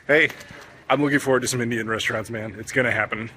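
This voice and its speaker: A man's voice: mid-range voice, steady tone, fast talker, pushed and bright, slight background noise. A man from the United States casually vlogging outdoors on town streets, chatty and joking with lots of fillers. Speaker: travel vlogger. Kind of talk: casual walking vlog.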